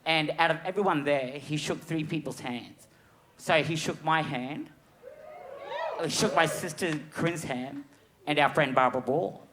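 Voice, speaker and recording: A man in his forties, a panel guest on a live comedy quiz show, telling an animated, sweary story with shrieking quoted voices. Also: fairly high pitch, unhurried, a little hiss or hum. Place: live music venue stage.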